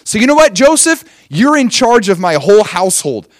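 A man voicing an impressed Egyptian master who praises his servant, in an emphatic, drawn-out way as part of a sermon story. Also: sits high, big pitch swings, no room sound, studio quality, voice pushed up.

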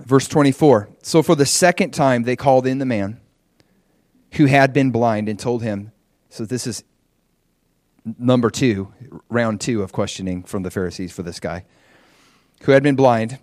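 A middle-aged man preaching a sermon, retelling a scripture story in a conversational way and acting out the quoted voices with lively shifts. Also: mid-range voice, normal speed, pauses often, dry recording, studio quality. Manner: animated, acts out quoted voices, conversational asides.

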